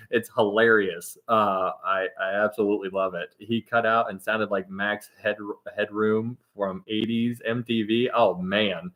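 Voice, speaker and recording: Lower-voiced man chatting with viewers. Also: moderate pace, a bit bright. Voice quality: rambling, laughs often, trails off mid-sentence. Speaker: livestream host. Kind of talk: casual chat reading viewer comments.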